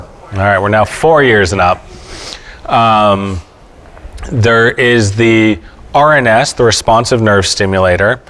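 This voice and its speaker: A man's voice: lowish voice, fairly bright tone. A man, a doctor on an expert panel, explaining treatment options to families in a plain, patient way with frequent fillers and check-ins like "okay?". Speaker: epileptologist speaking on an expert panel. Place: event panel before an audience.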